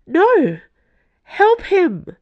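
A woman's voice: medium pitch, sing-song, moderate pace, vocal fry, highs cut off. A woman voicing a young female agent who is urgent and determined. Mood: frantic. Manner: urgent, raised and tense.

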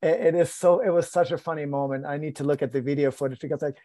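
A man's voice: on the high side, fast, few pauses, dry recording. A man, a podcast guest, telling a story in casual chat, acting out quoted lines with self-deprecating humor. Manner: lively, acts out quoted dialogue, self-deprecating.

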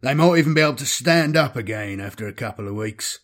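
A man's voice: mid-range voice, animated, quick pace, fairly bright tone, lightly acted. A man doing a drawling cynical spacer. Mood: wry. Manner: amused drawl. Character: seasoned male space traveller, cynical and unflappable.

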